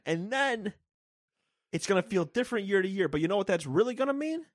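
Fairly fast and high-pitched, a man co-hosts a laid-back gaming podcast with no room sound. He plays a pretend executive, mock-ranting with animated profanity to get laughs.

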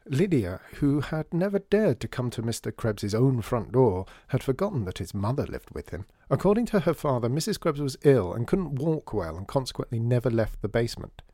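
Expressive male audiobook narrator. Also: medium pitch, brisk, hardly any pauses, no room sound, studio quality. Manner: expressive storytelling.

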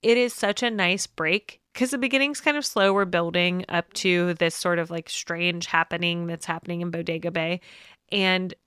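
Female co-host, casual chat. Smooth, dry recording. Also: fairly low pitch, fairly even intonation, normal speed, a bit bright, no echo. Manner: chatty, laughs often, acts out quotes. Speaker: podcast co-host. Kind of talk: casual film discussion.

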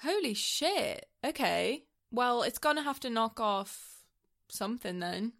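Bright-voiced teasing woman co-host. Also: fairly high pitch, lively intonation, measured pace, vocal fry. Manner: teasing, laughs a lot. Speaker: podcast co-host. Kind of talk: casual chat, film ranking.

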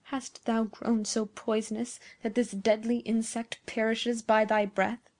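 A woman voicing a troubled young man who mutters his lines low and intensely in a storybook reading. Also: level tone, unhurried. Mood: brooding.

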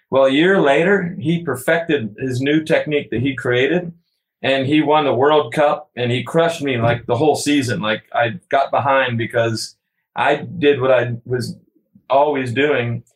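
A man's voice: medium pitch, low-quality recording. A man, a kayaker, talking casually as an interview guest, rambling with many restarts and frequent laughs. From United States.

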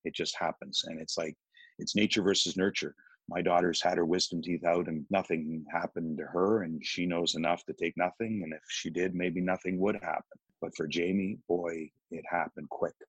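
A middle-aged man gives interview answers about his family with earnest, pleading conviction. His voice sits very low and sounds husky. The recording is dry and close. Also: steady tone, moderate pace, no room sound, low-quality recording. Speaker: father, foundation founder, guest. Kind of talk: interview answers, personal story.

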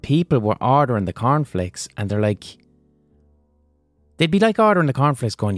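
A man hosting a podcast, delivering a comedic monologue with profane, animated ranting. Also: medium pitch, normal speed, dry recording, soft background music. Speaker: podcast host.

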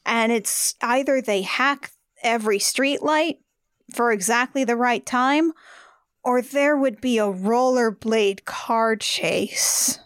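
A woman's voice: on the high side, slow, clean tone, dry recording, clean studio sound. A woman hosting a podcast, chatting casually and wryly about a movie with exasperated humor. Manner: wry, exasperated movie commentary. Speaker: podcast host. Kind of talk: casual chat.

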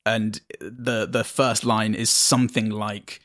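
A man's voice: lowish voice, flat delivery, takes it slowly, a bit bright, no echo, clean studio sound. A man, a tabletop game player, chatting casually on a podcast in a rambling way, often laughing.

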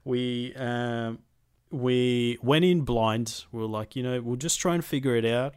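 A young man chatting casually about a video game, relaxed and swearing freely, with plenty of ums. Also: mid-range voice, a little slow, smooth. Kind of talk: casual gaming chat.

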